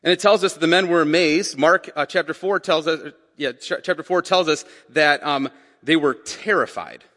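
Pastor preaching in a reverberant hall. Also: male voice, on the high side, sharp tone. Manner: conversational preaching with rhetorical questions and repetitions. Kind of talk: sermon.

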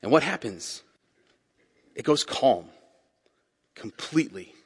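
A man's voice: mid-range voice, big pitch swings, takes it slowly, husky, in a large hall. A man preaching a sermon in a conversational way, asking the congregation questions and repeating key phrases. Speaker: pastor.

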